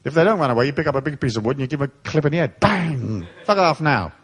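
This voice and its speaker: A man's voice: mid-range voice, racing, husky. A man giving a live seminar talk in a large hall, telling rowdy stories full of swearing. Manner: profane, storytelling, animated. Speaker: seminar speaker.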